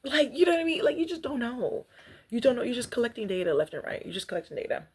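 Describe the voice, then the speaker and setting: A young woman vlogging casually about rejection, chatty and animated, laughing often and reading aloud. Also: on the high side, fast, husky. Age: young adult. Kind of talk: casual reflective vlog.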